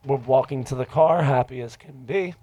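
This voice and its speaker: A man's voice: medium pitch, moderate pace, breathy edge, no room sound, lo-fi sound. A man telling a story in casual podcast talk, swearing freely and acting out the voices of the people he quotes. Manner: profane, animated, acts out quoted voices.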